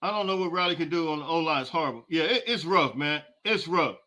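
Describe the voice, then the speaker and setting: A man's voice: on the high side, animated, fast, pushed and bright. A man hosting a podcast, giving a live halftime reaction and answering viewer comments in an exasperated, fired-up rant full of casual slang. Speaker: podcast host.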